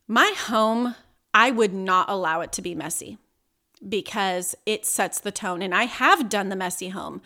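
A woman's voice: medium pitch, normal speed, sharp tone. A woman in her thirties hosting a motivational podcast, talking to listeners directly and earnestly, with a chatty manner full of "like" and "you know". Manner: conversational, many fillers like "like" and "you know". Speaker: podcast host.

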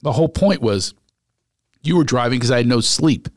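A man, a stand-up comic, chatting casually and telling animated stories, acting out the people he quotes. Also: mid-range voice, normal speed, no echo, clean studio sound. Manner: animated storyteller, acts out quotes. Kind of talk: casual podcast chat.

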